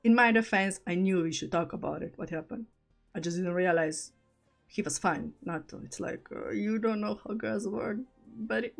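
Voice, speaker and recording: Young woman streamer, non-native english speaker, chatty storytelling, faint music behind. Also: medium pitch. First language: not English. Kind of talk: casual live-stream chat.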